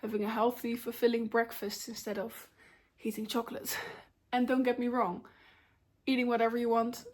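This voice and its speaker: Candid, chatty young woman, fairly high voice. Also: level tone, moderate pace, a little mellow. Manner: candid, chatty, many ums and likes. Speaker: vlogger. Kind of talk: casual personal life update.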